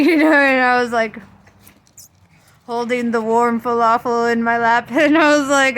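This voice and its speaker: A woman talking through spiritual ideas in loose, casual chat, breaking into laughter often and swearing freely. Her voice sits a bit high and sounds sharp and bright. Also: fairly even intonation, normal speed. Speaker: tarot reader and spiritual vlogger.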